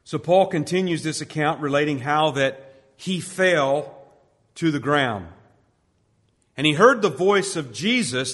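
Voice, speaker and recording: Slow emphatic preacher in a reverberant church. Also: male voice, a bit bright. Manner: emphatic, drawn-out stresses, drops low on quoted scripture. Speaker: pastor. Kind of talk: sermon. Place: church sanctuary. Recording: church hall with long reverb.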